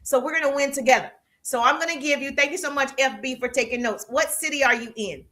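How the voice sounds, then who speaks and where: A woman's voice: sits high, fast, sharp tone. A woman sales coach on a live stream, emphatic, repeating her key lines and asking the audience questions.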